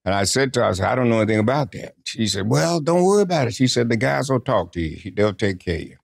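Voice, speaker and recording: An older man sits for an interview and spins his stories in a low voice. He talks in a casual, lively way and acts out what others said to him. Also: quick pace, gravelly. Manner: lively anecdotal storyteller who acts out quotes. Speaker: interview guest.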